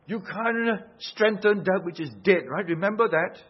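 A man's voice: sits high, normal speed, husky. A man preaching a sermon, emphatic, asking rhetorical questions and swelling and dropping his force. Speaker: pastor. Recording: dull lo-fi sound.

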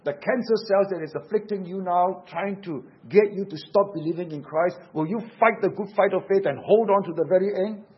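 A man's voice: high-pitched, fairly quick, few pauses. Earnest male preacher, lo-fi sound. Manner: earnest, emphatic preaching with repeated phrases. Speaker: pastor. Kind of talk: sermon.

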